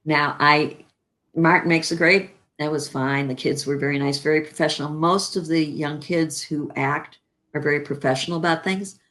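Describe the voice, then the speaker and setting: In this interview, a Chicago-born actress in her later years spins animated anecdotes, acting out whatever lines she quotes. She speaks in a low register at a moderate pace.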